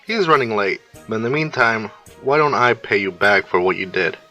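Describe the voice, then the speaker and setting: A man's voice: on the low side, expressive, moderate pace, bright, forceful tone, lo-fi sound, faint music behind. A man voicing a confident, defiant young male hero in a fan-made story.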